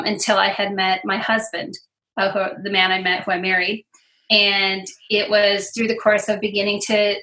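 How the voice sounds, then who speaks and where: A woman's voice: medium pitch, bright, forceful tone. A middle-aged woman from Iowa, earnestly telling her faith story as an interview guest, with many fillers. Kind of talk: personal testimony.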